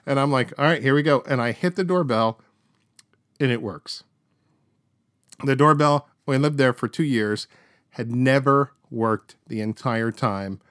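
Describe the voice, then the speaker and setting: A man's voice: medium pitch, unhurried, pauses often, fairly bright tone, no room sound, studio quality. A middle-aged man hosting a podcast, telling stories in a chatty way full of fillers and restarts. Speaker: podcast host. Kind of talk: casual storytelling.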